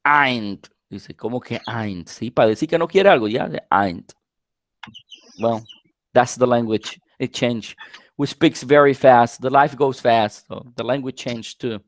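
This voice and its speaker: A man whose first language is Spanish, teaching an English grammar class online, repeating example sentences slowly and quizzing his students. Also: mid-range voice, no room sound, clean studio sound. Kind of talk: live online class lecture.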